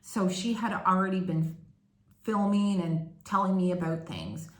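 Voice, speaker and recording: A woman's voice: lowish voice, fairly even intonation, unhurried. A woman from Canada, telling her story candidly in a chatty, casual vlog. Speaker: vlogger. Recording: echoey room.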